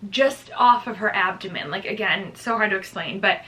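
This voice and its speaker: A young woman, pregnant, talks through her week-by-week notes in a loose, chatty vlog style with plenty of "like" fillers. Her voice is bright and forward. She sits a bit away from the microphone, so the sound is slightly distant. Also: mid-range voice, moderate pace. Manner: chatty, lots of "like", reading from notes. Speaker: vlogger. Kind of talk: casual pregnancy update vlog.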